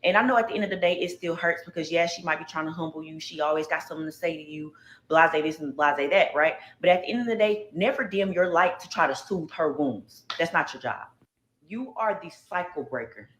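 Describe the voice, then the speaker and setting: A woman's voice: deep voice, a little fast. A woman giving a motivational talk, speaking encouragingly to the listener as a sister. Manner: encouraging, addresses listener as sis. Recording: roomy clip with faint noise.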